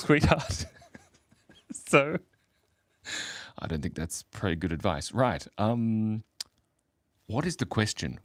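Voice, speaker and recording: An Australian man in his 40s draws on a livestream from home in the early morning, goofy and rambling as he reads chat messages aloud and laughs often. His voice is fairly low, recorded dry with studio quality.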